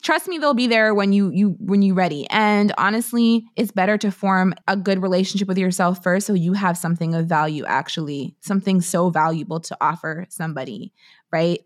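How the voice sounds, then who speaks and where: A woman's voice: fairly low pitch, steady tone, moderate pace. A woman from Canada in her thirties, an author talking candidly and bluntly in an interview, with plenty of slang and swearing. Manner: blunt, profane and emphatic, full of slang. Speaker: author and podcast guest.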